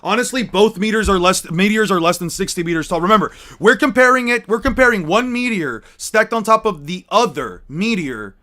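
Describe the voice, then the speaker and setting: A man in casual fan commentary, talking in an animated, rambling way with many restarts. His voice is bright and forceful, sitting a touch higher than most men's. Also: fairly quick, hardly any pauses. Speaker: anime commentator.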